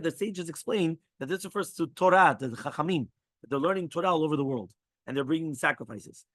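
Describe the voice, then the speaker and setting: Fast-talking rabbi reading and explaining a text. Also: male voice, a little high, a bit bright, dry recording. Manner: reads quoted passages, then breaks in with quick asides and "right?". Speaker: rabbi teaching halacha.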